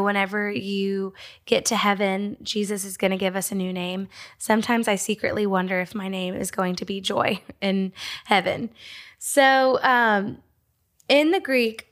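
A young woman from Georgia, giving a casual devotional talk with fillers and small laughs. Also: medium pitch. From Georgia, USA. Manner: casual, warm storytelling with fillers and little laughs. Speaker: speaker at a Christian ministry. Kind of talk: devotional teaching.

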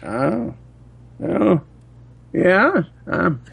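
A man putting on a slow senile old man. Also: high voice, big pitch swings, vocal fry, a bit bright, slightly rough, no echo, pitched above the performer's own voice, exaggerated voice. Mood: doddering. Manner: slow, doddering.

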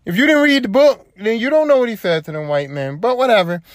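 A man's voice: high voice, animated, fast, no room sound, studio quality. A young man, retelling a story on his podcast and acting out what other people said. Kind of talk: casual storytelling monologue. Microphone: home podcast mic.

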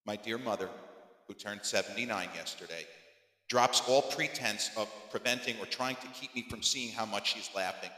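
A man around fifty telling a personal story on his podcast in an animated, emphatic way, his voice climbing high when he gets worked up. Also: normal speed. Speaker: podcast host. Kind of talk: storytelling monologue. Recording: echoey room with long reverb.

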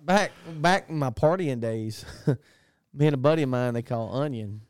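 Laid back dude joking around, smooth voice, dry mic. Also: male voice, medium pitch, moderate pace, a little mellow, dry recording. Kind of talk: casual chat.

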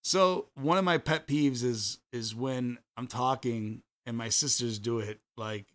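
A man's voice: medium pitch, measured pace, a bit bright. Chatty man with a Chicago accent. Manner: rambling storyteller, many fillers and restarts. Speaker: podcast co-host. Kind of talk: casual chat.

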